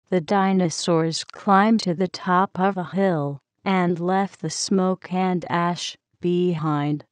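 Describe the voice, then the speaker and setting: Woman narrating a kids' storybook, very slow and smooth, dry close sound. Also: fairly low pitch, a little mellow, no echo. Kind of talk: children's story reading.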